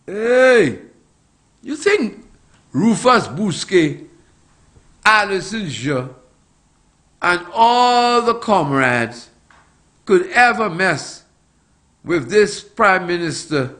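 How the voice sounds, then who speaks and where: Middle-aged man, slow-spoken, fiery political commentator, very high lively voice. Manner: fiery, emphatic, repetitive rhetorical questions.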